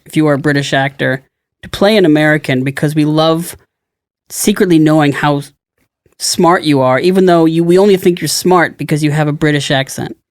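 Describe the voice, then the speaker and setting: A man's voice: on the high side, brisk, no room sound, clean studio sound. A man co-hosting a podcast, musing in casual chat and often searching for words. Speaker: podcast co-host.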